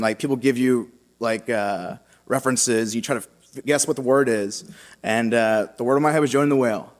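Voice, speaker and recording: A young man sharing his personal faith story with a congregation, halting and casual with many fillers and restarts. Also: medium pitch. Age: young adult. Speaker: seminarian giving a vocation talk. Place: large church. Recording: long church reverb.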